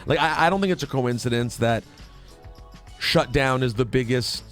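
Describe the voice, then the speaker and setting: A talkative man hosting a late-night radio show, joking at his own expense as he chats with his guest. His voice sits at an ordinary pitch. A faint beat plays behind him in the studio. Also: moderate pace, faint music behind. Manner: talkative, joking, self-deprecating.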